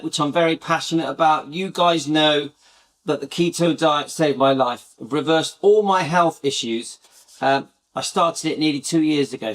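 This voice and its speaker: A man's voice: on the high side, a bit bright. A British man hosting his channel, chatting casually and enthusiastically to viewers in a rambling way. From Britain. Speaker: channel host.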